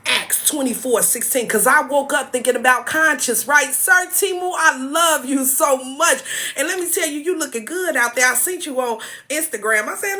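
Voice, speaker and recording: Bright-voiced woman chatting on a live stream. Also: high voice, normal speed. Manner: lively, thanks viewers by name, mixes scripture with chat. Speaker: mindset coach. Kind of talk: casual live-stream chat.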